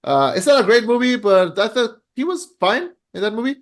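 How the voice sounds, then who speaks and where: A man's voice: very high voice, lively intonation, fairly quick. A young man hosting a podcast in casual chat, rambling with lots of "like" and restarting his sentences. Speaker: podcast host.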